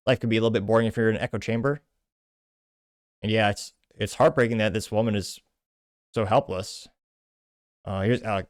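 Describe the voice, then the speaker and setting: Fast-talking male show host, dry sound. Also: lowish voice, dry recording. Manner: rapid, emphatic, scornful commentary. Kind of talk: reading and commenting on social media posts.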